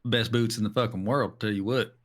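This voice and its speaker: A man playing a tabletop game, brash and quick to swear. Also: mid-range voice, fairly even intonation. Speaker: player. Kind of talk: tabletop role-play, casual.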